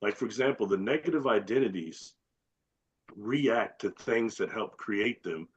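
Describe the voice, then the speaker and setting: A man as a guest in a casual chat, explaining ideas slowly and deliberately and listing terms one by one. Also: on the low side, breathy edge, lo-fi sound.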